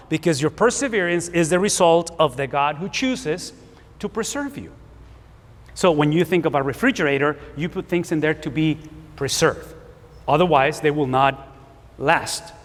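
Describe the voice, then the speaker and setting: Spanish-accented pastor in his fifties, high voice. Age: 50s. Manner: emphatic, repeats words for stress, asks the room. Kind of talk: sermon. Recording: hall reverb.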